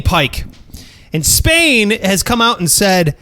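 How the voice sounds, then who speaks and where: A man hosts a casual comedy podcast in a high voice, taking things slowly. Animated and jokey, he bantors casually and keeps slipping into silly voices.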